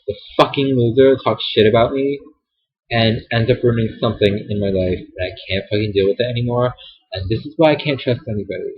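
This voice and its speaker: A young man venting to the camera in a heated, profane, sassy rant, recorded on a poor built-in camera mic. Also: husky. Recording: dull low-quality camera audio.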